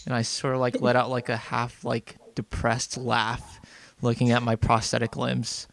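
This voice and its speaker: A man's voice: medium pitch, completely flat delivery, moderate pace, gravelly, a bit bright. A man playing a tabletop game, joking playfully with the group. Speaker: player. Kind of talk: casual tabletop game chat.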